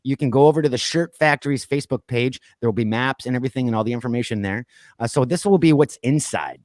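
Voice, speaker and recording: A man's voice: mid-range voice, fast talker, a little mellow, no room sound, clean studio sound. A man hosting a casual pop culture podcast, chatting loosely and reading off lists with plenty of fillers. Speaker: podcast host. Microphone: streamed call mic.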